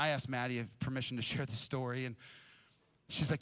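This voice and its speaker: Energetic bright-voiced male pastor. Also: on the high side, fast talker, clear, resonant tone. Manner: energetic, casual, repeats words. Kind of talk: sermon storytelling. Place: church stage.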